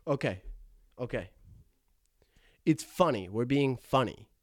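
A man's voice: mid-range voice, lively intonation, takes it slowly, no echo, studio quality. A young man hosting a podcast from his attic, rambling in a self-deprecating, jokey way with frequent stammers and asides. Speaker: podcast host. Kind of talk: rambling comedic podcast monologue.

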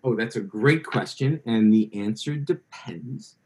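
A man who is an author, telling lively anecdotes as a guest in an interview and quoting other people in their voices. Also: lowish voice, unhurried. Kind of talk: interview storytelling.

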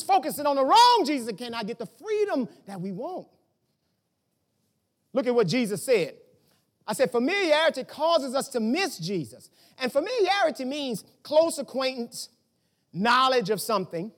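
A man preaching a sermon as pastor, asking rhetorical questions and breaking into shouts. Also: very high-pitched.

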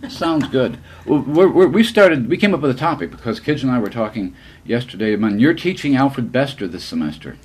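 Lively male podcast host. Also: medium pitch, fairly quick, a little hiss or hum, poor audio. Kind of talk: live panel discussion. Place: convention room.

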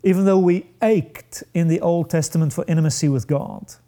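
A man preaching a sermon, slow and emphatic, with dramatic pauses and rising peaks. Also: fairly high pitch, mellow.

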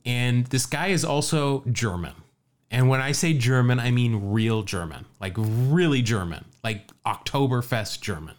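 Unhurried and mid-range in voice, this male podcast co-host tells baseball history casually, laughing often and sprinkling his storytelling with asides.

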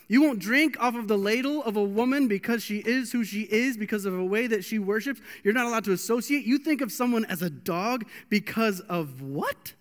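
Young man, preacher, casual joking sermon, high voice, long hall reverb. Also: brisk, few pauses. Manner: animated, joking, with many restarts. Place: church hall.

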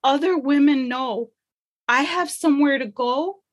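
A woman's voice: high-pitched, normal speed. A woman empowerment coach in a casual podcast conversation, speaking earnestly and emotionally from her faith.

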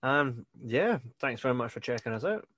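A man's voice: medium pitch, very animated, moderate pace, a bit bright, dry recording. A man with a Scottish accent co-hosting a podcast, chatting casually, laughing often and swearing freely. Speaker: podcast co-host. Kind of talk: casual chat.

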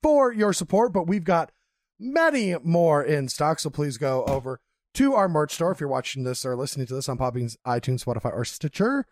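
A young man co-hosting a casual podcast, animated and quick with laughing asides. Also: fairly high pitch, no room sound, studio quality. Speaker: podcast co-host. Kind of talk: casual banter.

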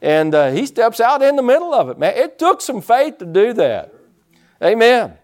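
A male pastor preaching a sermon, animated, acting out quotes and calling for responses from the congregation. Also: extremely high pitch, normal speed.

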